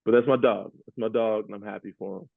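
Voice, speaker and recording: A low-voiced man chats about basketball on his podcast, laid-back and easily amused. His voice comes through tinny and thin, like a phone line, with a very dry, close sound. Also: fairly even intonation, fast, creaky, no room sound. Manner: laid-back, laughs often, repeats himself. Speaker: podcast host, former NBA player. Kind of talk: casual sports chat.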